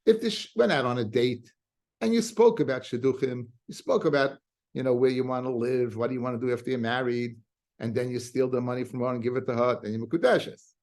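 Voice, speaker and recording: Man teaching Talmud, quick and casual. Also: mid-range voice, darkish tone. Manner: explains in a quick mix of Hebrew-Aramaic terms and English, with restarts. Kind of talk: daily Talmud class.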